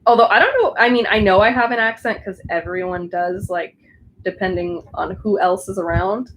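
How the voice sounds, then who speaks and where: A woman's voice: medium pitch, normal speed, lo-fi sound. Brief: young woman, Southern Californian accent, rambling livestream chatter, faint room hum behind. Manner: chatty, rambling, many likes and restarts. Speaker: crafting livestreamer. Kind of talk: casual live chat while crafting.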